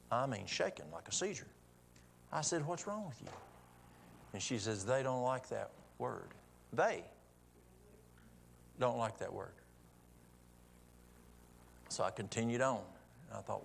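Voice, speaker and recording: Gravelly man telling a church testimony. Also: medium pitch, a little hiss or hum. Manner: folksy testimony storytelling with quoted dialogue. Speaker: church speaker. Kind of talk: sermon storytelling.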